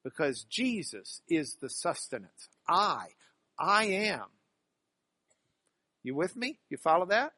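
A man teaching a class on biblical Greek grammar, animated and stressing key words by repeating them. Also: a little high, slow pace, long pauses, no room sound. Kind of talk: classroom lecture.

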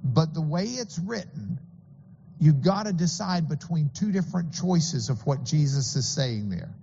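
A man's voice: fairly high pitch, lively intonation, unhurried, vocal fry, warm tone, breathy edge, long reverb tail, dull audio. A man preaching a sermon as pastor, earnest and explanatory, with occasional stammering restarts.

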